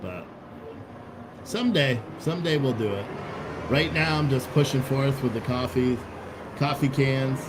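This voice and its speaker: A man's voice: mid-range voice, measured pace, long pauses, noisy background. A man hosting a casual livestream, rambling bluntly with profanity and restarts while reading out chat comments. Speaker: livestream host.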